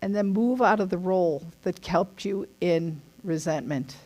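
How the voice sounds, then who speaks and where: A woman's voice: fairly low pitch, measured pace, darkish tone. Earnest, emphatic middle-aged woman teaching. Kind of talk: casual spoken teaching.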